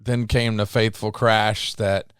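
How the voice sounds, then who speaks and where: A man's voice: fairly low pitch, flat delivery, unhurried, a bit bright, clean tone, dry recording, clean studio sound. A man hosting an interview in a laid-back, casually profane way. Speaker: host.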